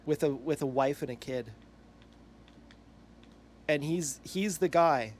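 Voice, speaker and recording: A man's voice: a little high, takes it slowly, a little hiss or hum. A man in a rambling, self-correcting monologue, crude and meandering. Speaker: online commentator.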